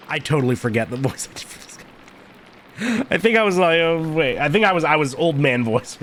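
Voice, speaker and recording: A man's voice: on the high side, sing-song, a little fast, a bit bright, slight background noise. A man streaming a game, chatting loosely and swearing freely as he plays. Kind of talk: casual game commentary.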